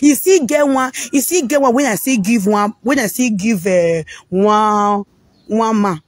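A woman's voice: medium pitch, measured pace, dry recording. A woman with a Nigerian accent talking frankly in a casual monologue, rambling and repeating words mid-sentence.

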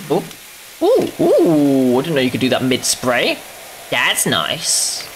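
Goofy gamer rambling to themself and humming dumb tunes, takes it slow, voice jumps around a lot. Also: mid-range voice, lively intonation, bright, forceful tone, a little hiss or hum. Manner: goofy, talks to self, hums silly tunes. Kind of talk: playful let's-play commentary.

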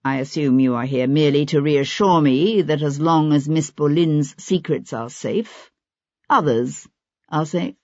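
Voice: mid-range voice, measured pace, a little mellow, no echo, natural voice. A reader playing a cold, calculating old lord. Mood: controlled. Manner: controlled, clipped and dry. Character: cold, calculating older nobleman. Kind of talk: audiobook character voice. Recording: dull lo-fi audiobook recording.

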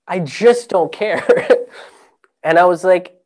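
Brief: male comic storyteller, slightly higher voice, loose and rambling, swears freely and chuckles mid-sentence. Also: wildly swooping pitch, drawn-out words, pauses often, fairly bright tone. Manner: rambling, profane, laughs through his own story.

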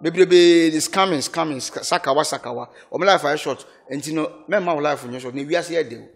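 Ghanaian guy in an interview, fast talker, animated, mixing in english. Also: fairly high pitch, creaky. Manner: animated, switches between Twi and English, laughs often. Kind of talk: casual interview.

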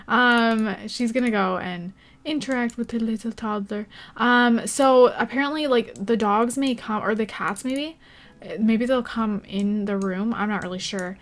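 A young woman chats her way through a life-sim game, bubbly and excitable, gasping and giggling as things happen. Her voice sits a little high, and she fills her talk with easy, casual filler words. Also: a little slow. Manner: bubbly and chatty, gasps and giggles, many fillers like "like" and "oh my God". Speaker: gaming channel host. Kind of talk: casual gameplay commentary.

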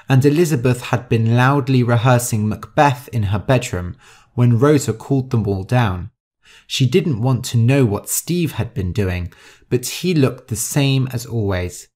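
A man narrating a story slowly and clearly for English learners. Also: mid-range voice. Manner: slow, clear, expressive.

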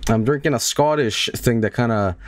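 A man's voice: medium pitch, moderate pace, no room sound. A young man from Sweden, chatting casually on a game livestream, rambling and joking, swearing often and laughing a lot. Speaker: streamer.

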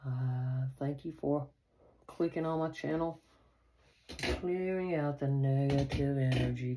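Lady chatting thru a card reading, low gravelly voice, kinda noisy recording. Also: fairly even intonation, measured pace. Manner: chatty, repeats reassurances, drawls "collective". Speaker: tarot reader. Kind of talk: casual spiritual card reading to camera.

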